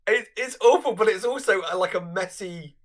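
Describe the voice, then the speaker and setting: A man's voice: high-pitched, moderate pace. A man co-hosting a film podcast, chatting casually and often laughing as he talks over scenes. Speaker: podcast co-host. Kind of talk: casual film review chat.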